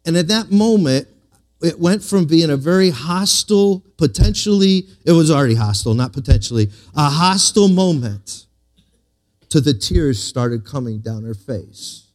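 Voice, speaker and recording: A male pastor preaching a sermon in a voice set a little high for a man. He tells a story, drawing out emphatic lines slowly and then dropping into quiet asides. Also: lively intonation.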